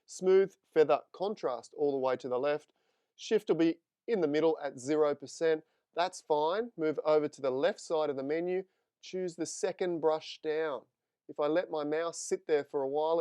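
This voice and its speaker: Upbeat male photo tutor, crisp clear voice. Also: on the high side, mellow, dry recording. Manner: friendly, chatty, talks to live viewers. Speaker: photography instructor. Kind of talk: live screen-share tutorial.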